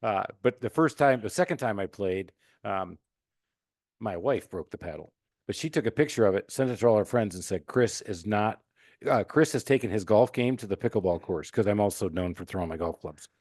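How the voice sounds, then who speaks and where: A man's voice: lowish voice, lively intonation, fairly quick, a little mellow, no room sound, clean studio sound. A man from Michigan hosting a podcast, telling jokey self-mocking stories in casual chat. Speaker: podcast host.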